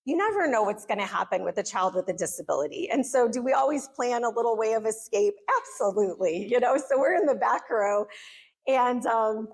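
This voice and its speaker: A middle-aged American woman speaking to a church gathering, telling a personal story in an earnest, animated way. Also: on the high side, a little fast, husky. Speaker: conference speaker. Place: church hall.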